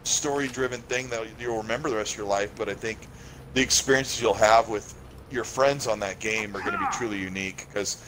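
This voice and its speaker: A man's voice: on the low side, fairly quick, a bit bright, poor audio. A male guest on a gaming talk show, chatting casually and explaining game tech with enthusiasm. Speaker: guest commentator. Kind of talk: casual chat. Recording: hissy stream audio.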